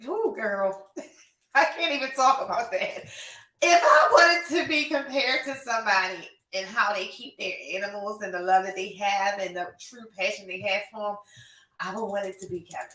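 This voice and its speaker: A woman's voice: medium pitch, normal speed, pushed and bright. A young adult woman hosting a podcast, chatting casually and effusively while reading out viewer comments. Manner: gushing, effusive, emotional. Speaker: podcast host and reptile breeder. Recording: echoey room, distant mic.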